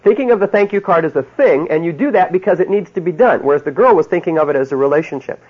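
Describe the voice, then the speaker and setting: A husky, slightly high-voiced man speaks to a live audience in a folksy, chuckling way, checking in with "you see?" again and again. The recording is a dull lo-fi tape. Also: expressive, quick pace. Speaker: seminar speaker on marriage. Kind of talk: storytelling talk to a live audience.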